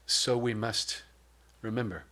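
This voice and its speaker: A man with a lowish voice preaching in a relaxed, conversational way. He moves between scripture and light humorous asides, and his pace slows at times for emphasis. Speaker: pastor. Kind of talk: sermon.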